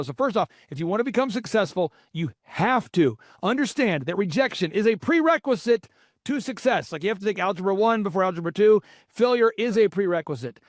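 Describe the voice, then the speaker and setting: Man, 40s, podcast host, upbeat storyteller, high-pitched, dry close sound. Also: no echo. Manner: energetic storytelling with many fillers and restarts. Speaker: podcast host and business coach. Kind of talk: motivational business talk.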